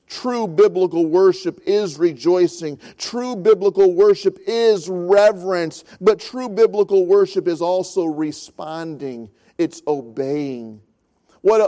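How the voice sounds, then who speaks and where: A man in his fifties preaching a sermon as pastor, earnest, rising in force and then dropping to a soft, slow hush. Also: high voice. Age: 50s.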